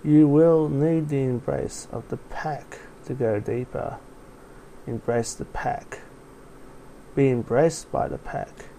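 Man reading as a calm wolf-man pack leader, gravelly, dark, slow and hypnotic for an audio story. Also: mid-range voice, a little hiss or hum. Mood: soothing. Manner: slow, soft, soothing and hypnotic.

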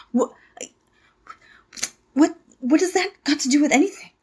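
A woman's voice: a little high, fairly even intonation, unhurried, darkish tone. Woman playing a flustered young cult recruit. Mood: nervous. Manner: flustered, stammering, apologetic. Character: nervous young woman joining a cult, eager to please. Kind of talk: audio drama monologue.

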